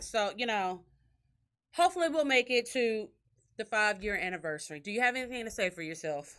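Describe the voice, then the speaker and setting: A woman hosting a podcast, telling stories in a casual, profane way and acting out what others said. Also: brisk. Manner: animated, profane, acts out quotes in a shrill crying voice. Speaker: podcast host. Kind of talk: casual storytelling chat.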